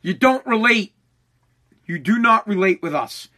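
A man ranting angrily with heavy profanity, mocking others with quick put-on voices. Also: high voice, expressive, sharp tone. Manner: heated, profane, mocking impressions. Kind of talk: ranting commentary.

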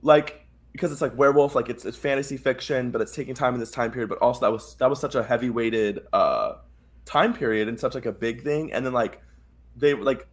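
A man co-hosting a podcast in relaxed, casual chat. He talks in a playful, animated way and slips into quoted voices as he retells scenes. His pitch sits in the middle. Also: brisk. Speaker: podcast co-host.

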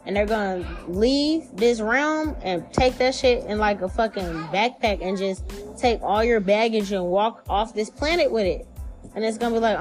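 A woman reading tarot cards in a loose, chatty way, full of slang and swearing. Her voice sits at a middle pitch, and she jumps up in pitch when she acts out imagined voices. Faint music plays behind her. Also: normal speed. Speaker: tarot reader. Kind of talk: casual spiritual reading.

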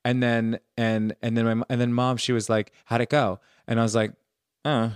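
A man from Long Island, a guest on a podcast, telling personal stories in an animated way and acting out the quotes. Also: mid-range voice, normal speed, smooth, dry recording, studio quality. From Long Island, New York. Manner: animated storyteller, acts out quotes of himself and others. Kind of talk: casual podcast conversation.

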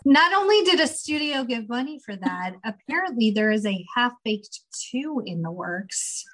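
A woman co-hosting a casual movie podcast, chatty and giggly, often quoting lines in animated voices. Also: fairly high pitch, normal speed, poor audio. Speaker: podcast co-host. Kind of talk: casual chat.

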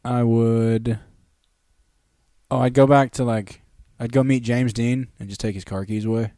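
A young man co-hosting a casual comedy podcast, riffing crude jokes and quick bits into a close mic. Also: mid-range voice, fairly even intonation, mellow, no echo. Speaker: podcast co-host. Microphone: close studio mic.

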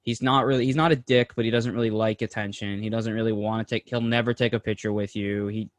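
A man co-hosting a podcast, telling a story in an excited, animated way with plenty of slang and swearing. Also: fairly low pitch, fast talker, no room sound. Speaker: podcast co-host. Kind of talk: casual storytelling chat.

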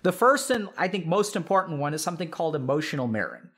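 A man, a psychiatrist, explaining in casual chat to a live audience, animated and full of filler words. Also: fairly high pitch, fast talker. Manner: animated, filler-heavy, addresses audience directly. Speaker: psychiatrist and streamer host.

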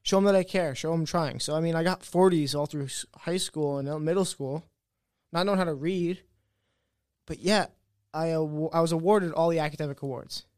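A man's voice: a little high, fairly quick, smooth, dry recording, studio quality. A young man guest in a casual interview, telling his story with energy and acting out the voices of people he quotes. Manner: animated, acts out quoted voices.

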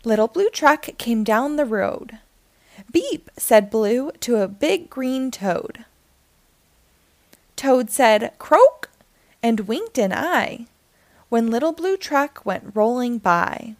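A woman reading a children's picture book aloud in an expressive, sing-song storytelling manner. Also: on the high side, takes it slowly, no echo, studio quality.

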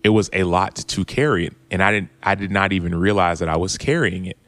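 A former football player in his thirties, speaking as a podcast guest, earnestly and openly tells a reflective personal story, retelling quotes and restarting often. His voice sits low, brisk and a bit bright, on a dry recording.

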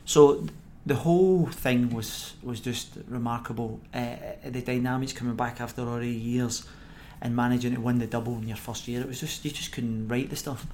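A middle-aged Scottish man, a former footballer appearing as a podcast guest, tells stories with lively energy and laughs often as he goes. He acts out the voices of the people he quotes, speaking at a normal speed with few pauses. His pitch is an everyday middle range, and a faint hum of noise sits behind him.

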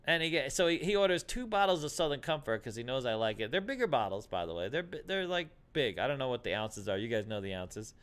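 Animated storytelling man, smooth voice. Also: medium pitch, fast, hardly any pauses. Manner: animated, acts out dialogue, laughs often. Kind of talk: casual storytelling chat.

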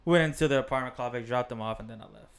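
A man's voice: mid-range voice, rapid-fire, smooth. A young man telling a story in a casual chat with friends, retelling a tense moment.

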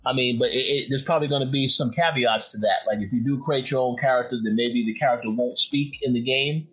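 A podcast host in casual chat, his voice husky and slightly breathy. He trips over repeated words and hedges his points. The audio is dull and lo-fi. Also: medium pitch, fairly even intonation, brisk, fairly bright tone, soft background music. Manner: stammers on repeated words, hedging.

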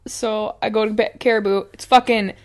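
A woman's voice: medium pitch, steady tone, moderate pace. A woman co-hosting a podcast, telling stories in casual chat, swearing freely and laughing often. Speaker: podcast co-host.

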